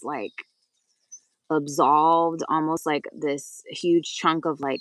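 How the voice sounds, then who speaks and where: A woman's voice: sits low, fairly bright tone, dry recording, far from the mic, rough recording. A woman co-hosting a casual spiritual conversation, talking in a loose, chatty way full of "like" and the odd swear word. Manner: chatty, lots of "like", swears for emphasis. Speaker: co-host.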